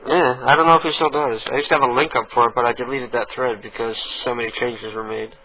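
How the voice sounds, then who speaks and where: A man's voice: mid-range voice, steady tone, fast, a loud crowd. A man hosting a prank call radio show, chatting casually with a caller. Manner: laid-back, chatty. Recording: dull lo-fi radio recording.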